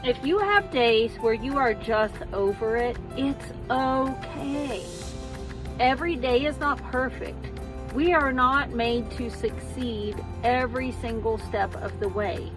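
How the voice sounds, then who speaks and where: A woman's voice: a little high, takes it slowly, music in the background. A middle-aged woman vlogging to camera as she walks, venting frankly and then giving herself a pep talk. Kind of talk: casual vlog, talking to camera while walking.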